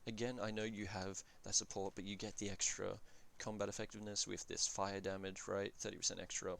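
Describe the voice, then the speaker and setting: A man talking through a strategy game in a casual commentary. His low voice has a gravelly fry and a sharp, bright edge. He thinks out loud, stops to correct himself and fills the gaps with ums and uhs. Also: flat delivery, brisk, a little hiss or hum. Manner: thinks aloud, self-correcting with frequent fillers.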